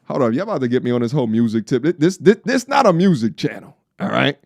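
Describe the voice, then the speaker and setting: Very animated and fast, this man's mid-range voice carries vocal fry and a faint New York accent; he's from Long Island and in his thirties. He reacts to a video on stream in a loose, slangy, joking way, occasionally singing, with clean studio sound and no room noise.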